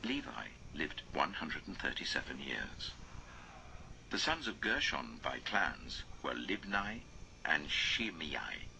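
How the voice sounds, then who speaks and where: An extremely deep, gravelly male voice reads scripture aloud slowly and solemnly, sometimes sinking to an almost whispered hush. His tone is bright and cutting despite the depth, and he rises and falls widely in pitch. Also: big pitch swings, slight background noise, poor audio. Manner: slow solemn reading, drops to near whisper. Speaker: father reading aloud.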